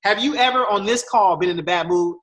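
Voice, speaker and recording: Man, guest speaker, motivational talk, voices other people when quoting them, slangy, higher voice. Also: fairly quick. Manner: animated storytelling with voiced quotes, slangy.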